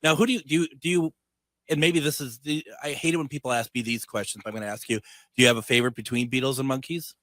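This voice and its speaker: A man hosting a radio show who asks questions in a halting way and restarts them often. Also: medium pitch, fairly even intonation, a bit bright, no echo. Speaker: radio host. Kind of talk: interview questions. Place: radio studio.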